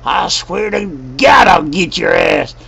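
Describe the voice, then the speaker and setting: A man playing a grumpy old veteran who rants, curses and shouts angrily. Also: medium pitch, lively intonation, slow pace, full character voice. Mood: angry ranting. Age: over 60. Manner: shouting, cursing, gravelly. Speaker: show character. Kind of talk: comedic rant.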